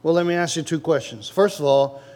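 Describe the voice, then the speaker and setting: A man with a high voice preaching a sermon. He talks straight to the congregation, asks them questions and leans hard on each point. He sounds like a pastor in front of his church. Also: brisk, a little mellow.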